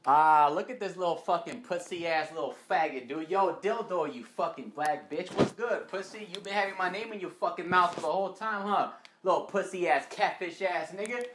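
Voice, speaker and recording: A man's voice: high voice, normal speed, noisy background. A man taunting and insulting someone in an aggressive, profane voice-chat roast. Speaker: online roast participant. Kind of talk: trash-talk voice chat roast. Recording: echoey room sound.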